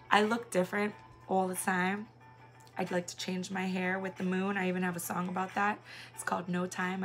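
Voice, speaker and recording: A woman's voice: lowish voice, a bit bright. A woman in her thirties from Hawaii, a singer and mother, chatting casually on a livestream and rambling with many fillers.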